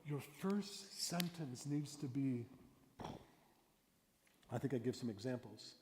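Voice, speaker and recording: Pastor teaching storytelling in an echoey hall. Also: male voice, medium pitch, slow pace, noisy background. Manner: animated, acts out storytelling voices, drops to a whisper for suspense. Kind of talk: interactive workshop lesson. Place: church hall. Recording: echoey hall, long reverb.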